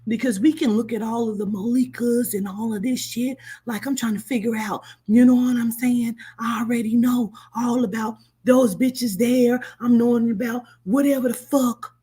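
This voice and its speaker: A woman's voice: on the high side, steady tone, normal speed, hardly any pauses, mellow, breathy edge. A woman who gives spiritual readings tells a personal story casually and bluntly, swearing often. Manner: blunt, swearing, acts out quoted voices. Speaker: spiritual reader.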